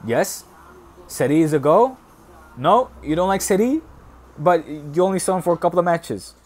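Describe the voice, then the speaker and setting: A man's voice: on the high side, expressive, normal speed, a little mellow, pitched above the performer's own voice. A man voicing a bumbling, clueless male club president making cheery phone calls. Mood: chirpy.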